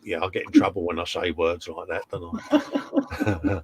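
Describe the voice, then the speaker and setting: A man's voice: deep voice, huge pitch swings, measured pace, slightly rough. A man with a British accent co-hosting a casual live stream, reading out viewer comments and trading slangy jokes from a home workshop. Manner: jokey banter with slang.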